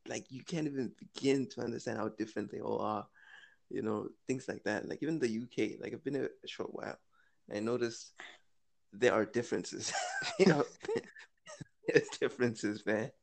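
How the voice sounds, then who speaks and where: A man's voice: fairly low pitch, creaky. A man with a South African accent co-hosting a podcast, rambling in casual chat and laughing often. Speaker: podcast co-host.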